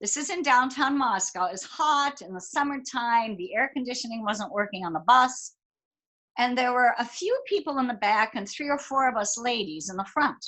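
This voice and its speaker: Woman, interview guest, expressive storyteller, slightly high voice. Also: normal speed. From United States.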